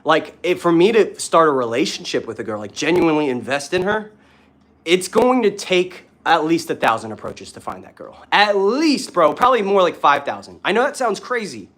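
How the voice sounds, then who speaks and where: A young man who works as a dating coach talks casually and profanely in a vlog between push-ups, a bit out of breath. His voice is a little high and somewhat bright, swinging widely in pitch at a moderate pace.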